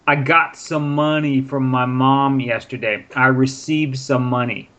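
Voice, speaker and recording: A man's voice: medium pitch, fairly even intonation, a little slow, a bit bright. A man patiently explaining English grammar with example sentences in a casual spoken lesson. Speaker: English teacher. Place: in Prague.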